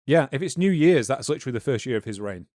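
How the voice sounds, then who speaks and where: A man's voice: medium pitch, animated, fast, darkish tone, no room sound, studio quality. A man co-hosting a history podcast, explaining a subject in an informal, lecture-like way with fillers and asides. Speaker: podcast co-host.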